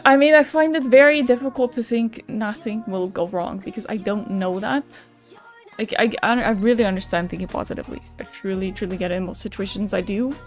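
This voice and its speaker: A woman's voice: mid-range voice, brisk. Woman streamer, casual live chat, candid, emotional, swears, faint music behind. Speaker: Twitch streamer.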